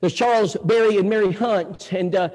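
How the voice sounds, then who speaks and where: A male preacher telling stories in a sermon, animated, moving between loud and hushed. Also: sits high, moderate pace. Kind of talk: storytelling sermon. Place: church hall. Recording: echoey hall.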